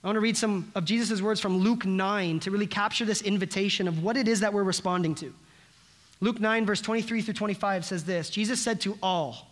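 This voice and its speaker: A man's voice: high voice, fairly quick. A pastor preaching a sermon to his congregation, earnest and building through emphatic repeated phrases.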